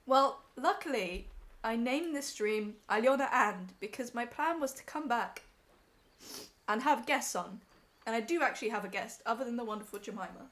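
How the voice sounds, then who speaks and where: A woman's voice: on the high side, lively intonation, moderate pace, a bit bright. A young woman on a live stream, emotional and teary as she talks to her chat from home.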